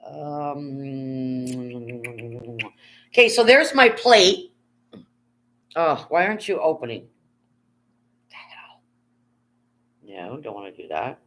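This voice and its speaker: A woman's voice: sits low, big pitch swings, takes it slowly, long pauses, a bit bright, a little hiss or hum. A woman, chatting casually on a live stream, rambling, answering her chat and swearing freely.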